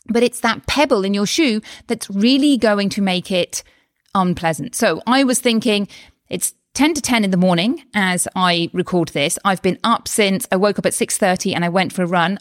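A woman's voice: medium pitch, no echo, studio quality. A woman, talking casually and animatedly as a health coach on her solo podcast. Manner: chatty and animated, with frequent exclamations and quick asides. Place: lives in Spain.

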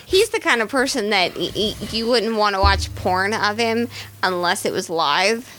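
A woman's voice: medium pitch, normal speed, a little hiss or hum. A young adult woman co-hosting a casual podcast, telling stories bluntly and animatedly, with lots of swearing. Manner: profane, blunt and animated storytelling. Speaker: podcast co-host.

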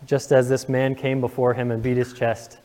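A man's voice: medium pitch, level tone, normal speed, darkish tone, in a large hall. A young man preaching a sermon to his congregation, earnest and emotional, asking the room questions. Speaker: pastor. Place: church sanctuary.

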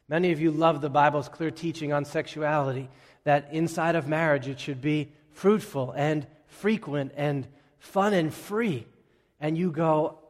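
A pastor giving a sermon in a conversational, humorous storytelling way, acting out what people might say. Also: male voice, on the high side, fairly even intonation, normal speed, in a large hall.

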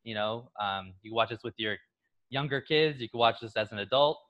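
A man co-hosting a casual film chat, telling the story with lively energy. He slips into little voices as he goes, acting out each scene, but his own speaking voice sits in an ordinary middle register. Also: mid-range voice, brisk, dull audio. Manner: animated storyteller who acts out scenes.

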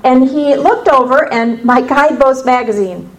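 A woman from the United States shares her faith testimony with an audience in a somewhat high voice. She tells it as a lively story, with playful asides to her listeners. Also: moderate pace, poor audio. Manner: lively storyteller, humorous asides, acts out dialogue.

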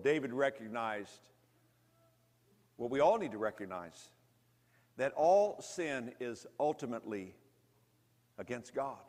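A man preaching a sermon, telling a story dramatically, rising to loud intensity and dropping to hushed, slow lows. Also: lively intonation, long reverb tail.

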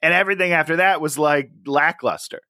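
A man's voice: on the high side, brisk, no room sound, studio quality. A man co-hosting a casual movie review chat, joking and laughing often. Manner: animated, jokey, laughs a lot. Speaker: podcast co-host.

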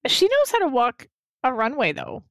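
A woman's voice: high-pitched, huge pitch swings, moderate pace, no echo. A woman co-hosting a podcast in casual chat, blunt and opinionated, often laughing. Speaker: podcast co-host.

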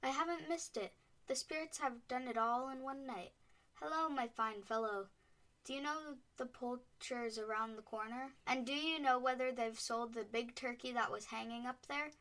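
A woman's voice: on the high side, normal speed, a bit bright. A woman voicing old Scrooge in a storybook reading, begging and then bursting with joy. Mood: overjoyed. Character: old man Scrooge, fearful then overjoyed. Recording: voice a bit distant from the mic.

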